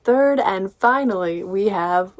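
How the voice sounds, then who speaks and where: A woman's voice: mid-range voice, lively intonation, slow, slight background noise. Exasperated young woman ranting about a book. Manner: ranting, exasperated, sarcastic, swears freely. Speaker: book reviewer. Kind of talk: casual book review vlog.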